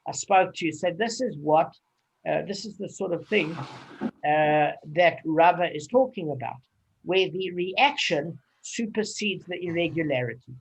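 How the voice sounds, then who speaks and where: A man's voice: a little high, a little slow, gravelly, slight background noise, low-quality recording. A man leading a casual Talmud study group, explaining at length with anecdotes and many fillers.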